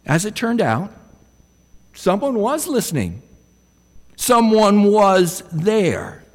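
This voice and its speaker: Slow, expressive man preaching a sermon. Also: high-pitched, in a large hall. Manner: reflective, asks the listeners rhetorical questions.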